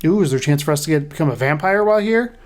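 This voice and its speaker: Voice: medium pitch, animated, rapid-fire, lightly acted. A gamer reading a scholar's journal aloud in a put-on British accent, dramatic and grave. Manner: dramatic, stumbles over hard sentences. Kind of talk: reading in-game lore aloud.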